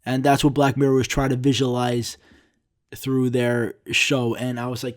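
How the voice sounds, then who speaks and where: A man's voice: medium pitch, monotone, moderate pace. A young man hosting a solo podcast, rambling through a casual rant with frequent swearing and self-mocking asides. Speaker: podcast host.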